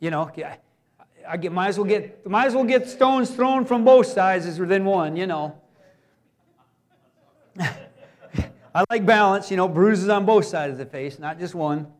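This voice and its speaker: Male pastor, very high voice, folksy sermon, shifts from punchy emphasis to near-whispered asides. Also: lively intonation, normal speed. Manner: swings between emphatic raised delivery and hushed, quiet passages; folksy, joking asides to the congregation.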